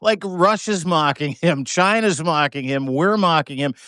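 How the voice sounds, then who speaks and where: A man's voice: on the high side, a little slow, fairly bright tone, clean tone, dry recording, clean studio sound. A man hosting a casual political talk show. He swears freely, mocks, and reads posts aloud. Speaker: show host.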